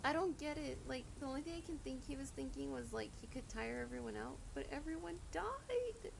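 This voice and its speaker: A woman's voice: high-pitched, expressive, brisk, vocal fry, noisy background. A young woman streamer chatting emotionally and explaining a game's story during a live watch party. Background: game music.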